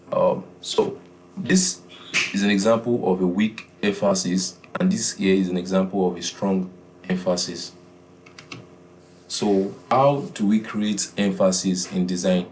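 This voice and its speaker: A man teaching a beginners' design class, often repeating his key points and pausing with "uh". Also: low-pitched, a little hiss or hum. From Nigeria. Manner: repeats key phrases, filler "uh". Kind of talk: classroom lesson.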